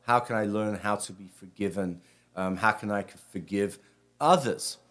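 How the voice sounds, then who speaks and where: A man's voice: lowish voice, steady tone, moderate pace, a bit bright. Rambling man giving a casual spiritual talk. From Britain. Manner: rambling, conversational, frequent restarts. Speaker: rabbi.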